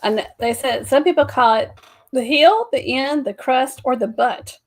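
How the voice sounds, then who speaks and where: A woman's voice: sits high, measured pace. Giggly woman co-hosting a livestream chat. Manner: giggly, laughs often between remarks. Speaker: livestream co-host. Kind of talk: casual chat.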